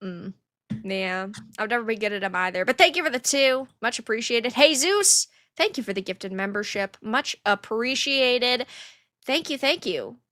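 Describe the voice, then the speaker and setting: Female podcast co-host, bright and higher, chatty and giggly. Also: lively intonation, moderate pace, no echo, studio quality. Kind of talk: casual chat, reading donations.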